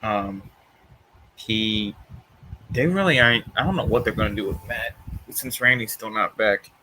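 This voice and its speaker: A man's voice: lowish voice, unhurried, bright, forceful tone, a little hiss or hum, poor audio. A young man in casual chat, rambling and tired, yawning between thoughts, with many fillers and restarts. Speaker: vlogger reviewing wrestling shows.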